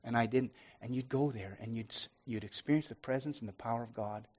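A man giving an earnest sermon testimony, restarting often and swinging from loud to soft. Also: mid-range voice, a little fast.

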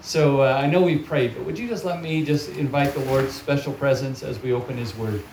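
A man's voice: mid-range voice, fairly quick, a little hiss or hum. Man preaching in an echoey hall. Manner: warm storytelling, animated in acted quotes. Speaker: guest preacher. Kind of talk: sermon. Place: large hall or church, audience present. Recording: echoey hall, picked up from far off.

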